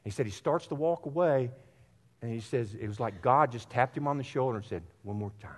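Man, middle-aged preacher, hushed then loud, long church reverb. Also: medium pitch, a little fast. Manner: swings from hushed, near-whispered storytelling to loud, rising exhortation. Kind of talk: sermon. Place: church sanctuary.

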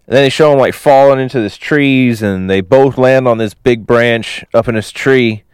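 A man's voice: medium pitch, normal speed, clear, resonant tone, dry recording, clean studio sound. A man casually retelling a film plot, rambling with many fillers and chuckling asides.

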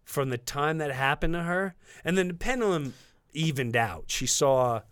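A middle-aged man, a comedian guest, telling a story animatedly in a casual interview and slipping into loud mock quotes of other people. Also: on the high side, lively intonation, moderate pace, clean tone, no room sound, studio quality.

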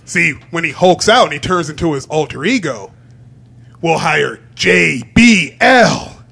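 High-voiced man pitching a joke idea. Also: lively intonation, measured pace, creaky, pushed and bright, breathy edge. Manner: playful, mock-serious pitching. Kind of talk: comedic casual chat.

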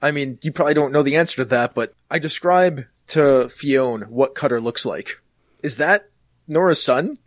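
A man playing in a tabletop role-play game, excitable and quick to protest. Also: medium pitch, no echo. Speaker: player.

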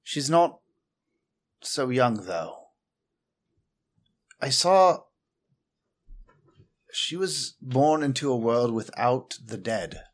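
A man's voice: mid-range voice, animated, drawn-out words, long pauses. A man playing a shaken seer. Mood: uneasy. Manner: hesitant, searching for words.

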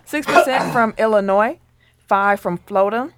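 Young woman cohosting a podcast, giggles a lot, casual and lively. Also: medium pitch, moderate pace, smooth. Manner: laughs often, animated. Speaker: podcast co-host. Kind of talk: casual chat.

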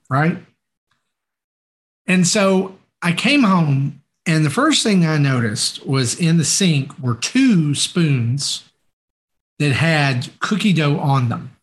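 A man telling a story on a podcast in a relaxed, chatty way, with plenty of fillers. He acts out the lines people said in the story. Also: a little high, unhurried. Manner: animated, acts out quoted dialogue, many fillers. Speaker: podcast co-host. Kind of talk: casual anecdotal storytelling.

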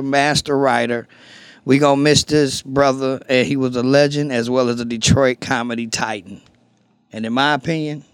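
A man hosts a show and gives a casual tribute in an earnest, easygoing tone. His voice is smooth and clear at an average pitch. The recording is close and dry, with no room echo. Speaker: show host.

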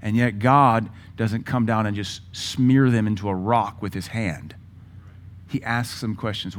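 A man's voice: on the low side, fairly even intonation, unhurried. Emphatic male preacher. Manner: emphatic, punchy lists of words. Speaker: pastor. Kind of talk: sermon.

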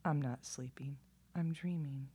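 A woman voicing a calm male lizard who dreams, speaking softly and slowly in a storybook reading. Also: a bass voice, slightly rough, full character voice. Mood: knowing. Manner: soft, slow, knowing.

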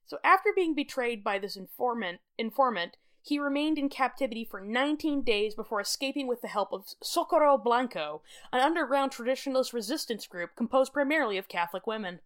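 Woman on a podcast, really high voice, keeps giggling, chatty comedy history talk. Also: lively intonation, brisk, hardly any pauses. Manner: giggly, laughs often between lines. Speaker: podcast co-host. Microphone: podcast microphone.

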